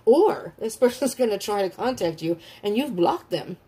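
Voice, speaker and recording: A woman's voice: on the high side, brisk, hardly any pauses, dark tone, husky. A woman giving a casual tarot reading, talking bluntly and animatedly, often laughing and acting out the people she describes. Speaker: tarot reader.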